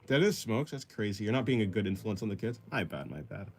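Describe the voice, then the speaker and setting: A husky, low-voiced man talks fast and animatedly during an art livestream, sketching as he reads chat aloud. He rambles, runs himself down, and often bursts out laughing.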